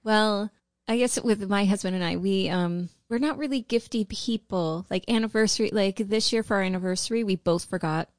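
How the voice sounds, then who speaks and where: A woman co-hosting a podcast in a relaxed way, with frequent laughs and "um"s. Her voice sits mid-range and sounds dry and close to the microphone. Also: mid-range voice, a little fast, dry recording. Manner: easygoing, laughs often, hesitant fillers. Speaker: podcast co-host. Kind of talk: casual chat.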